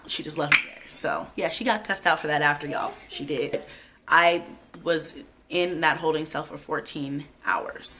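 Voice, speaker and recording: A pregnant young woman, telling a storytime vlog in a blunt, profane, animated way. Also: low voice, noisy background. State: heavily pregnant. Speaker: vlogger.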